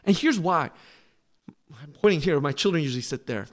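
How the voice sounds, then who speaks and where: A middle-aged man, a pastor, preaching a sermon in an earnest, pleading way that swells louder on key phrases. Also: lively intonation, a little fast. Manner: drops to a soft, low close in prayer.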